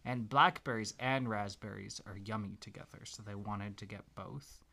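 A man gently making up a bedtime story for his child, pausing as he thinks of what comes next. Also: lowish voice, steady tone, vocal fry. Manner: gentle, unhurried, makes the tale up as he goes. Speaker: parent telling a story.

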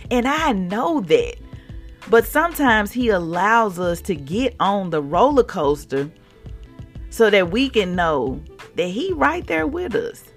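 A woman hosting a devotional faith podcast, speaking with a lively, swooping pitch and a gravelly edge. She talks in an expressive, heartfelt way, often acting out what others say. Faint music plays behind her. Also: slow. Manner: animated, expressive, acts out quotes. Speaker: podcast host.

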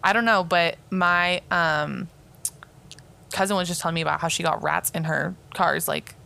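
A young woman chatting on a podcast with a bright, forward tone. She giggles a lot and swears casually. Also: on the low side, steady tone, moderate pace, creaky. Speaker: podcast co-host.

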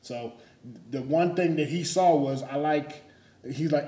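A man's voice: a little high, measured pace, a little hiss or hum. Storytelling man in an echoey room. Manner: storytelling, animated, self-mocking. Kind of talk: casual faith talk.

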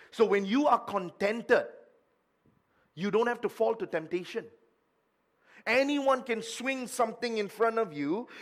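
A male pastor preaching a midweek sermon, asking the congregation questions and stressing his points. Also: sits high.

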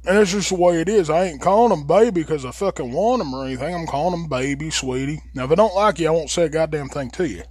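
He talks fast with hardly any pauses, his fairly high voice lively in intonation yet darkish and husky, captured dry. A podcast host from West Virginia, he rambles and cusses freely in a Southern Appalachian drawl, stretching vowels into a close mic for a casual profane monologue.

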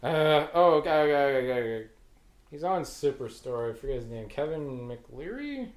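A man's voice: mid-range voice, sing-song, moderate pace, reverberant. A man co-hosting a casual comedy podcast, recalling favorite sketches and searching for names. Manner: casual, reaches for names mid-sentence. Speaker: podcast co-host.

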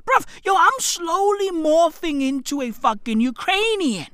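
High, swinging, slang-heavy woman podcaster. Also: no echo, studio quality. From Africa. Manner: excitable, swears a lot, slangy, laughs often; leaps between loud highs and low mutters. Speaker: podcast host. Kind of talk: profane comedic rant.

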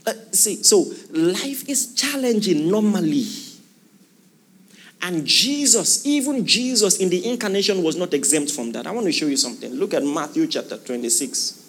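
Male preacher, animated sermon delivery, high and very expressive pitch. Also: moderate pace, a little hiss or hum. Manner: animated preaching, rhetorical questions to the congregation. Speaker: pastor.

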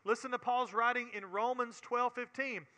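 Man, Southern US accent, very high and sharp voice, earnest Bible sermon, long reverb. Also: steady tone, normal speed. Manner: earnest, repeats words, builds to emphatic preaching. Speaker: Bible teacher.

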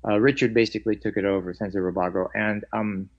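A man who teaches martial arts, telling stories of his training in an animated way and acting out the lines of others. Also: on the low side, quick pace. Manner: animated, acts out quoted lines. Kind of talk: storytelling in a conversation. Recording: dull lo-fi audio.

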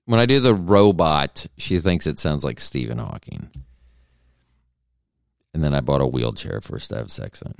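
A man's voice: extremely low pitch, animated, moderate pace, vocal fry, pauses often, no echo, clean studio sound. A man hosting a solo podcast, rambling through jokes and self-deprecating asides. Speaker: podcast host.

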